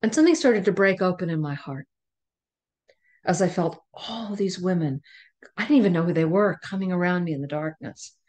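A middle-aged woman, a podcast guest, telling a personal story in an animated way, often laughing. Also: lowish voice, normal speed. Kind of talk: storytelling in conversation.

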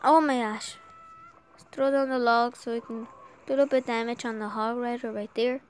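A woman giving excited live gameplay commentary while she has a sore throat from an oncoming cold. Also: a little high, brisk, clear, resonant tone. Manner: excitable, urging the game on aloud. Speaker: gamer.

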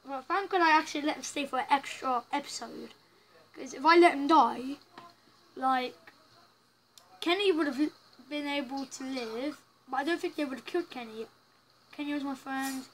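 Girl gamer chatting away over her playthrough, pretty high voice, loose and rambly. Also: moderate pace, pauses often, fairly bright tone, slight background noise, poor audio. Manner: chatty, rambling, reacting aloud to the game. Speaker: gaming channel host. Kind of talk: casual let's-play commentary.

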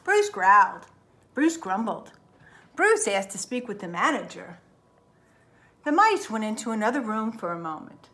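A woman librarian reading a picture book aloud to children, expressive and chatty, often checking in with "right?". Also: fairly high pitch, moderate pace, long pauses. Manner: lively, expressive storytelling with frequent "right?".

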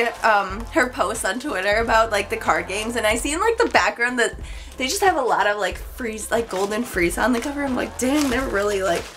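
Young woman squealing over an unboxing, high voice, cracky, faint music behind. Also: vocal fry, fairly bright tone. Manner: gushing, squealing exclamations, chatty. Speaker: YouTuber. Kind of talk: excited unboxing vlog.

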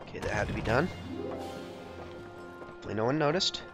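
A young man giving jokey, excitable commentary over a video game he is playing, often talking to the characters on screen. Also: medium pitch, fairly quick, loud music behind the voice. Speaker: gameplay commentator. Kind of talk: let's play commentary.

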